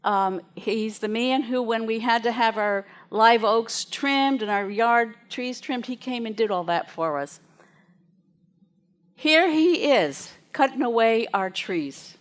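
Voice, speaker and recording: A woman minister preaches to her congregation with a slightly high voice. She tells stories in a chatty, lively way and often laughs along the way. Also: slow. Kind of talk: storytelling sermon to a congregation.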